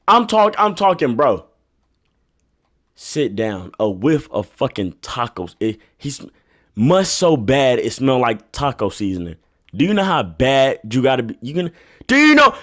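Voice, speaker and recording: A young man telling a comedic rant story, profane and exasperated, sometimes bursting into yelling. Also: a little high.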